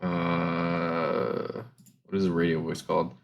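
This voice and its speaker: A man's voice: low voice, monotone, slow, gravelly, dull audio. A man co-hosting a podcast in casual chat, teasing and swearing casually, laughing often. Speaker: podcast co-host.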